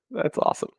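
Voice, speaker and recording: A man with a Quebec French accent hosting a casual livestream chat, chatty and often laughing. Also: darkish tone. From Canada. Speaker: host.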